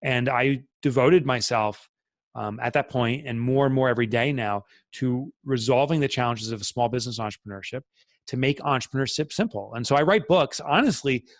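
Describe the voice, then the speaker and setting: A man's voice: medium pitch, a little fast, no room sound. A middle-aged man, a podcast guest, telling a candid personal story in an earnest, reflective way with many fillers.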